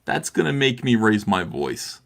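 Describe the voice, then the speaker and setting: A man's voice: fairly low pitch, huge pitch swings, a little slow, gravelly, noisy background. A middle-aged man on a video call, speaking with impassioned heat, full of restarts and "uh"s. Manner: impassioned, repetitive, restarts with many "uh"s. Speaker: livestream guest. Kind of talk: heated livestream talk.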